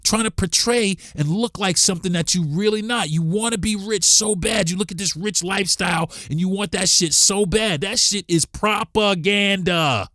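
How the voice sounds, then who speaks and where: A man's voice: high-pitched, normal speed, hardly any pauses, pushed and bright, dry recording, studio quality. A man hosting a podcast, delivering a blunt, profane, heated monologue. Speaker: podcast host.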